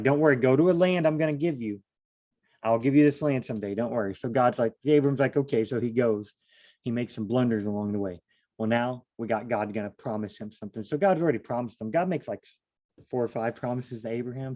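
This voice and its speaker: Rambling man with a mellow voice. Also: medium pitch. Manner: rambling, self-deprecating, thinks aloud. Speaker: Bible study host. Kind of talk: casual Bible study talk.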